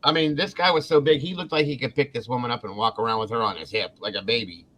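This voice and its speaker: A man from Ohio tells a story in a loose, casual way. He curses freely and acts out what the people in it said. His voice sits at an ordinary middle pitch. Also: fast talker, slight background noise. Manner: animated, swears freely, acts out quotes. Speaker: podcast host.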